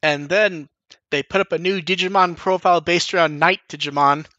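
A man hosting a podcast in casual chat, rambling and animated, swearing casually. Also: fairly high pitch, moderate pace, no room sound, dull audio. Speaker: podcast host.

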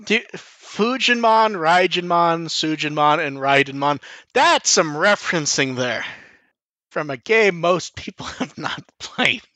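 A man's voice: fairly high pitch, lively intonation, a little slow, bright, forceful tone, dry recording. A man hosting a podcast in loose casual chat, full of "like", restarts and the odd swear. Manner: rambling, frequent 'like' and restarts, swears casually. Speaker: podcast host.

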